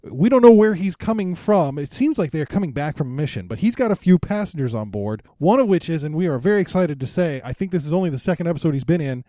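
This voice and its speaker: A man's voice: fairly high pitch, expressive, quick pace, hardly any pauses, dark tone, no room sound, studio quality. A young man co-hosting a podcast, casually recapping a cartoon episode in a playful way and slipping into silly voices. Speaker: podcast co-host.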